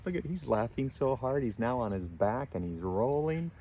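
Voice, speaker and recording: An older grandfather reading a picture book aloud to his grandchildren, gently pausing to ask them questions. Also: medium pitch, expressive, muffled recording, slight background noise. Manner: gentle, asks children questions.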